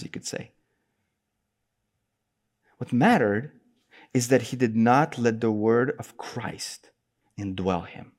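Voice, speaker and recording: A man preaching an expository sermon, citing scripture references in an earnest, emphatic cadence. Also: mid-range voice.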